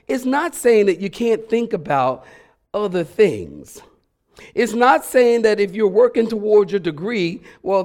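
Animated high-voiced male preacher. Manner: animated, conversational, playfully acts out voices. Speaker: guest preacher. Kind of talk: lively sermon.

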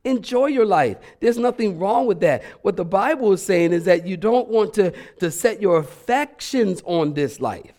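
Animated high-voiced male preacher. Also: normal speed, hardly any pauses. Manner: animated, conversational, playfully acts out voices. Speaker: guest preacher. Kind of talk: lively sermon.

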